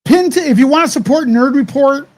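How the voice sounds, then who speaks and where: A man's voice: very high-pitched, brisk. A man hosting a live commentary stream, talking heatedly to his chat, swearing often and rambling through restarts.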